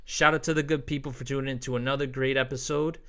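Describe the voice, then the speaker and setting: A man's voice: mid-range voice, fast, clean tone. A man in his twenties from Boston, hosting a podcast and chatting casually with jokes, banter and swearing. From Boston, Massachusetts. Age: 20s. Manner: animated, swearing, jokey banter. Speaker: podcast host. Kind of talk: casual chat.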